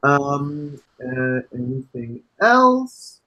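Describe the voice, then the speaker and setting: A man running a tabletop game as game master, who explains character setup in an unhurried, wry way with many fillers. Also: mid-range voice, sing-song, bright, forceful tone, highs cut off.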